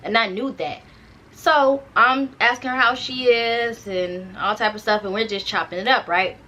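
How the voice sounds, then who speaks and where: A woman's voice: on the high side, normal speed, bright, forceful tone. A young woman casually telling a personal story straight to her viewers, chatty and slangy, often turning to the audience to check they follow. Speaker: storytime vlogger.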